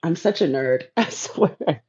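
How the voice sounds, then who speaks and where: A woman's voice: low-pitched, lively intonation, slow pace, muffled recording. A woman hosting a casual spiritual livestream, laid-back and playful, talking straight to viewers in her chat. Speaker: livestream host.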